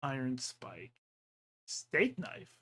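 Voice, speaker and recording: A man's voice: mid-range voice, very animated, drawn-out words, bright, forceful tone, slightly rough. A man casually commenting on a role-playing game and reading its text aloud, rambling through asides with lots of "like.". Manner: chatty, rambling asides, many "like" fillers. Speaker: let's play host.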